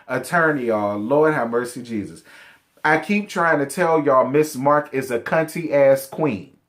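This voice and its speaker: Sassy, blunt man recapping reality TV. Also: fairly high pitch. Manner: sassy, blunt, profane, addresses cast members directly. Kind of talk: casual reality show recap commentary.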